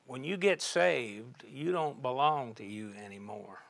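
Folksy preacher, slow and dry. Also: male voice, mid-range voice, lively intonation, vocal fry, no room sound. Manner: folksy, with sudden loud emphatic bursts and drops to quiet. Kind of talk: sermon.

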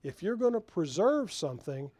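A man's voice: high voice, big pitch swings, normal speed, dark tone, no echo. A man preaching a sermon to his congregation, talking in a conversational way and often putting questions to them. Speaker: pastor.

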